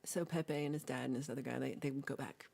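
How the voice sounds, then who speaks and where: Low, mellow woman telling a rambling story. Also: fairly even intonation, fast talker, vocal fry. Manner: rambling, playful storytelling with asides. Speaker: livestream host. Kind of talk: casual chat, retelling a film.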